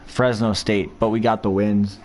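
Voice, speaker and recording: A man's voice: fairly low pitch, little pitch movement, normal speed, darkish tone. A man giving casual, rambling commentary while playing a football video game, reminiscing about past seasons as he goes.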